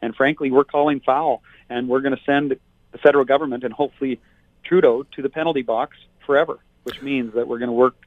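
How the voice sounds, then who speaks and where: Man, political candidate, forceful, indignant, phone-line sound, dry. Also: medium pitch, steady tone, quick pace, no room sound. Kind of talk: talk radio interview by phone.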